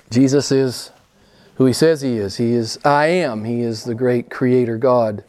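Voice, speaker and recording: A man's voice: mid-range voice, steady tone, measured pace, pauses often, darkish tone. A man preaching a sermon to a small group, emphatic, repeating his key phrases and asking rhetorical questions. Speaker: pastor.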